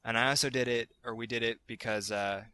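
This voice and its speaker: A man's voice: medium pitch, steady tone, brisk, sharp tone, smooth. A man hosting a casual gaming podcast, rambling a little and often restarting his sentences. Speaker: podcast host.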